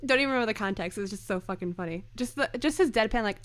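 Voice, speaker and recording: A woman's voice: mid-range voice, very fast. A woman co-hosting a casual podcast, gushing and laughing as she quotes favorite lines. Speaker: podcast co-host.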